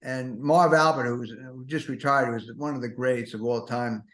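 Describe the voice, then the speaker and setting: A man's voice: mid-range voice, steady tone, normal speed, fairly bright tone. An older man in his seventies hosting a podcast, rambling through comic stories full of self-mocking, neurotic asides. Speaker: podcast host. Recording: roomy echo.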